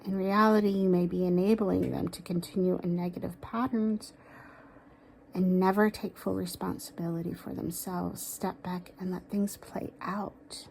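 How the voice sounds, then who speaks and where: A woman doing a casual tarot reading, talking aloud to a spirit, with sighs, pauses and soft asides. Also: lowish voice, steady tone, gravelly, slight background noise. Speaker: tarot card reader.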